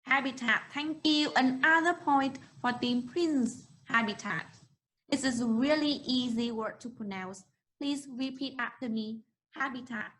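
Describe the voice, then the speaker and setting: A young woman with a Vietnamese accent teaching an English class online, encouraging and slowly modeling words for students to repeat. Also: high-pitched, fairly bright tone, poor audio.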